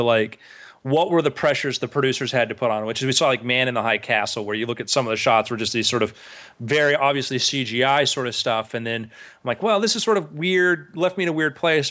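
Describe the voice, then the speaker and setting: A man's voice: mid-range voice, pushed and bright. A man co-hosting a casual talk show, rambling with frequent restarts and eager enthusiasm. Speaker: podcast co-host. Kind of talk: casual chat.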